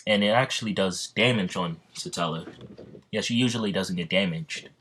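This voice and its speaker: A man with a low, deep voice retells a fan story off the cuff, rambling and pausing to correct himself in an unscripted telling. He speaks at a moderate pace with a slightly bright tone, and there's a little hiss or hum.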